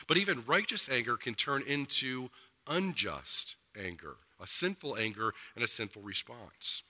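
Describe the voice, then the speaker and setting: A man preaching a sermon as pastor, earnest, slowing down to stress his points. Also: medium pitch, pushed and bright, big-room sound. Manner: earnest preaching with slowed emphasis.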